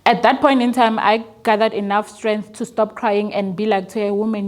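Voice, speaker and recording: A woman's voice: mid-range voice, level tone, moderate pace, hardly any pauses. Young woman, interview guest, earnest and emotional storytelling. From South Africa. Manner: earnest, emotional, repeats words when moved.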